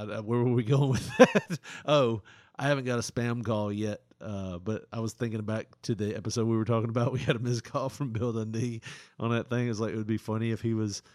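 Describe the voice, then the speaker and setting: A man's voice: fairly low pitch, dry recording, studio quality. A man co-hosting a casual comedy podcast, joking crudely and laughing often. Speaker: podcast co-host.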